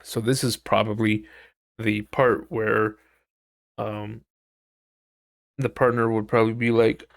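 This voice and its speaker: A man's voice: fairly low pitch, flat delivery, slow, gravelly, pauses often, no room sound, studio quality. A man hosting a casual solo podcast. He thinks aloud while reading, swears freely, and acts out quoted people in exaggerated voices. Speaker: podcast host.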